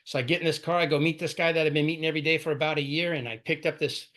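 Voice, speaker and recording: Quick guy telling his sobriety story, kinda high voice, keeps saying right? and man. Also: fairly even intonation, fairly bright tone. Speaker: AA speaker sharing his story. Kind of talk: personal recovery talk.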